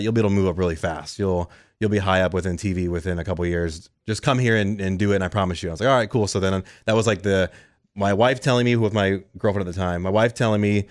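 A radio producer, appearing as a guest in a casual interview, tells his career story fast and animatedly, acting out conversations as quoted dialogue. His voice sits low, and the sound is clean studio audio with no room ambience.

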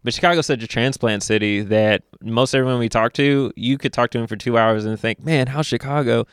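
A young man from Louisville, a podcast guest, telling animated stories in casual conversation with frequent laughs. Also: mid-range voice, clean tone, no room sound, clean studio sound. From Louisville, Kentucky. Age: young adult. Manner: animated storyteller, laughs often, quick asides.

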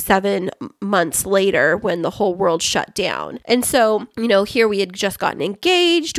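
A woman's voice: medium pitch, no echo. A woman co-hosting a podcast, telling a personal story in a chatty way full of "like" and "um". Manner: chatty, many "like" and "um" fillers. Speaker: podcast co-host.

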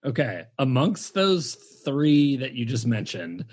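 Male podcast co-host, animated and chatty, husky, dry close mic. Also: medium pitch, takes it slowly, dry recording. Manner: animated, chatty, laughs easily. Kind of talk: casual chat, film review.

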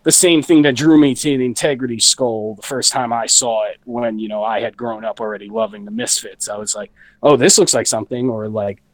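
A man getting over the flu talks a little out of breath, rambling through fillers and swearing as a guest in a casual studio chat. His voice is mid-pitched and sits in a dry studio with no room echo. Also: fairly even intonation, brisk, hardly any pauses. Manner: rambling, many fillers and profanity. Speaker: band member guest. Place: recording studio.

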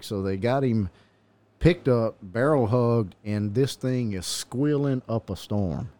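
Low-voiced man, mellow and dark, chuckling police officer spinning a rambling story. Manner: chuckling, meandering anecdote-telling. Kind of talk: casual storytelling chat.

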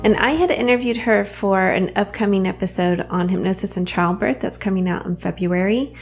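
A woman's voice: mid-range voice, fairly quick, faint music behind. A woman with a Southern US accent hosting a podcast, talking in a chatty way and laughing easily. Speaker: podcast host. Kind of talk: casual podcast interview.

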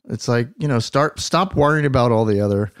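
A man in relaxed conversation whose pitch swings up and down with real animation. He speaks emphatically, circling back and restarting words as he makes his point. The voice sounds dry and close, with little room around it. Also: fairly quick, dry recording. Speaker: podcast co-host discussing the episode. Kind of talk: casual chat.

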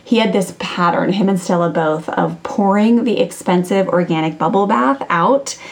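A woman's voice: on the low side, normal speed, vocal fry. Chatty woman telling a parenting story. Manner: chatty, many fillers and restarts. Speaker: podcast host and parenting coach. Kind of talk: casual storytelling monologue.

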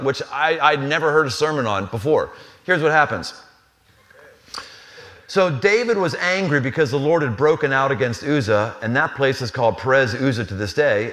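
A man's voice: mid-range voice, fairly bright tone. A man preaching a live sermon in a casual, humorous way, often acting out the people in the story. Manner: conversational, humorous, acts out scenes. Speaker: pastor. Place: live church venue.

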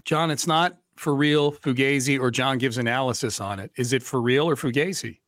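A man's voice: medium pitch, moderate pace, a bit bright, no echo. A man hosting a sports podcast, chatting casually and playfully needling his co-host.

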